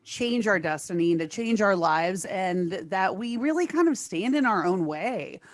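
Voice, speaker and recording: A woman's voice: mid-range voice, animated, normal speed, no room sound. Playfully profane woman co-host, dry sound. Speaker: podcast co-host. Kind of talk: casual podcast chat.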